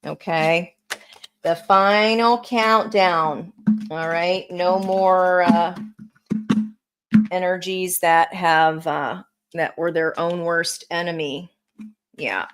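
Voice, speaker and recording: A woman's voice: lowish voice, fairly even intonation, slow, smooth, rough recording. A woman giving a casual tarot reading, chatty and encouraging, talking straight to her viewers. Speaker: tarot reader.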